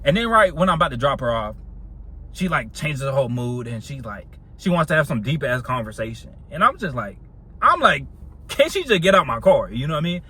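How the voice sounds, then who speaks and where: A man's voice: medium pitch, very animated, a little fast, bright, forceful tone, slight background noise. A young man telling a casual storytime monologue in a slangy, laid-back way, laughing often.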